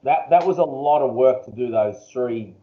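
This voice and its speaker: A man with an Australian accent, chatting relaxed in an interview and chuckling often. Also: mid-range voice, normal speed, reverberant, muffled recording, heavy background noise. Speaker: interview guest, engine builder. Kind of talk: casual interview chat. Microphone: video call.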